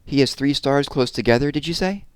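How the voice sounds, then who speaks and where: A man voicing a small, curious baby barn owl from a storybook, wide-eyed and excitable. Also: mid-range voice, a little fast, smooth, dry recording, pitched above the performer's own voice, natural voice. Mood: eager.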